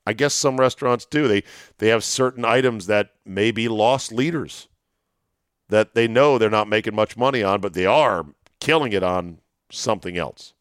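A man hosting a talk show, telling stories in a chatty, wry way, his voice going hoarse. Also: on the low side, normal speed, no echo, studio quality. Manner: chatty, storytelling, wry asides. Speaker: sports radio host. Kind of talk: solo monologue, casual chat.

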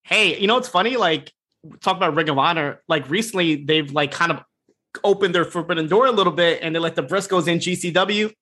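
A man's voice: on the high side, fairly quick, pushed and bright. A man co-hosting a podcast, recapping a TV episode in loose, chatty talk full of "like" and "you know". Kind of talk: casual chat.

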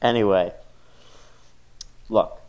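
A man with a slightly low voice, co-hosting a loose podcast chat. He talks sarcastically and laughs often while reading out movie reviews. The talk is casual and unscripted. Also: steady tone, darkish tone, clear, resonant tone. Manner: sarcastic, quick to laugh, reads reviews aloud. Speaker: podcast host.

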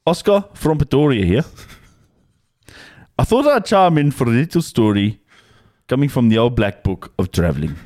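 A man's voice: medium pitch, very animated, moderate pace, darkish tone, voice pushed up, close to an everyday voice. A man putting on an Afrikaans South African accent to voice a rowdy young rugby tourist, boisterously reading a listener's letter aloud for laughs. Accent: Afrikaans South African, put on. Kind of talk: comedic read-out in a put-on accent.

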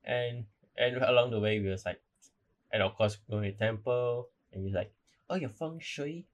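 Young man, podcast host, casual solo monologue, lowish pitch, rambling, apologetic. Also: steady tone, normal speed. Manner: rambling, self-correcting, apologetic.

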